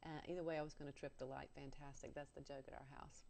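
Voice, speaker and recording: A woman's voice: sits low, little pitch movement, fast, gravelly, a little mellow. A woman guest telling a personal story on a talk show, earnest and candid with self-mocking humor.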